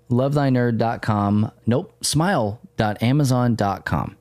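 A man's voice: medium pitch, slow, few pauses, darkish tone, no echo. A man co-hosting a podcast in casual chat, jokey and rambling. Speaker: podcast co-host.

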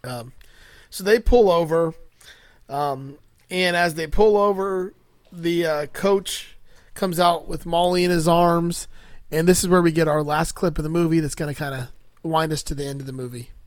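Male podcast host, higher voice, crude casual recap, dry close sound. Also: steady tone, normal speed, dry recording. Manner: crude, laughing, full of fillers.

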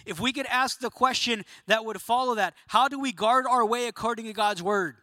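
A pastor preaching to a room of men, emphatic and questioning, sometimes dropping to a quiet, low voice for emphasis. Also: male voice, moderate pace, no echo. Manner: emphatic, rising to near-shouting questions. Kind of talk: sermon. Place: room of about a hundred men.

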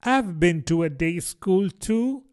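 A man's voice: sits high, expressive, slow, a little mellow, voice pushed up. A man voicing Alice, a polite and curious young girl, in a prim, doubtful manner.

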